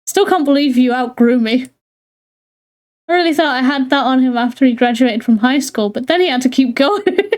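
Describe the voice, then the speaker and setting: A woman's voice: high voice, moderate pace, darkish tone, close to an everyday voice. A woman voicing a cheery, sentimental middle-aged father, teasing and easily moved, in a game reading.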